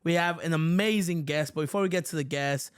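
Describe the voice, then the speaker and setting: A man's voice: fairly high pitch, a little fast, clear, resonant tone. A man hosting a casual podcast, opening the show with an upbeat welcome. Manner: upbeat, loud ad read. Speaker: podcast host.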